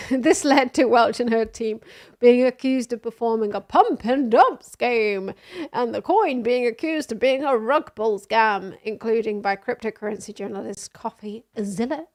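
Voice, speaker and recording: A woman's voice: a little high, a little slow, a little mellow. A woman streamer reading news aloud in casual commentary, sarcastic and often laughing. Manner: sarcastic, laughing, reads quotes mockingly.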